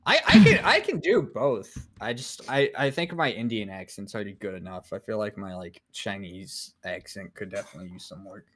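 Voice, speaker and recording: Bright wisecracking male streamer guest. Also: lowish voice, lively intonation, fairly quick, few pauses. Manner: dry joking quips. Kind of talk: casual chat.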